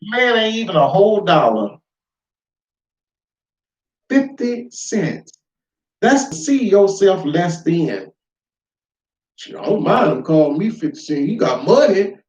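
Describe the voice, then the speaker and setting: A man giving an informal spoken lesson, emphatic and full of rhetorical questions, swinging between loud and quiet. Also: sits high, sing-song, normal speed, distant mic. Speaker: lecturer. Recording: echoey room, dull lo-fi sound.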